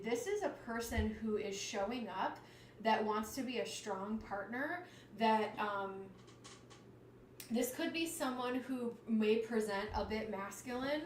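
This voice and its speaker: Excitable woman giving a tarot reading. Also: medium pitch, distant mic, slight background noise. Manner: chatty and animated, exclaiming over cards. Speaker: tarot reader. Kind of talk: live-stream tarot reading. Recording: roomy sound, slightly off-mic, faint ambience.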